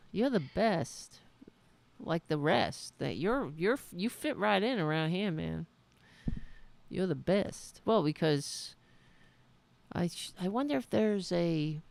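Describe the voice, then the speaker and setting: A lower-pitched woman with a gravelly, creaky edge, talking slowly on a casual talk livestream. Her pitch swings widely as she rambles, cuts herself off and gushes thanks, with the odd curse. The sound is dry and close. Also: no room sound. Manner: rambling, effusive thanks to viewers; swearing, self-interrupting. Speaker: political talk show host.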